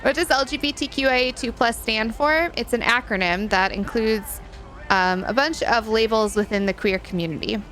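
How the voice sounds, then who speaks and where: Girl streamer chatting w/ chat while playing, kinda high voice, faint music behind. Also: moderate pace, fairly bright tone. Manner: chatty, reads and answers chat, giggles often. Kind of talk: casual live-stream chat while gaming.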